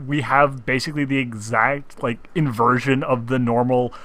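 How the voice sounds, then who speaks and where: A man's voice: mid-range voice, steady tone, moderate pace, hardly any pauses, fairly bright tone. A male podcast co-host in casual comedic chat, rambling and emphatic, with many fillers.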